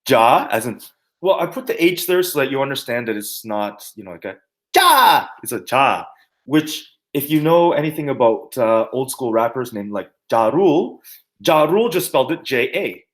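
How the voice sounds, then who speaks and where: Animated man teaching martial arts terms. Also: medium pitch, a little fast. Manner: animated, jokey, sings and mimics to teach words. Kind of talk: teaching terminology with playful mnemonics.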